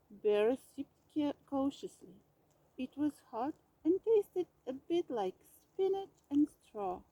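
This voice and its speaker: A woman reading a children's storybook aloud with gentle, expressive narration. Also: high-pitched, slow, no room sound, poor audio.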